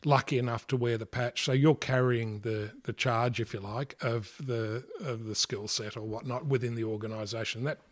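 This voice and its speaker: Older Aussie ex-fighter pilot, mid-range voice, rambling and self-correcting, easy laugh. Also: male voice, medium pitch, fairly even intonation. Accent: Australian. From Australia. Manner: halting, many fillers and restarts, laughs often. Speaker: retired air force fighter pilot, guest. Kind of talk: casual interview storytelling.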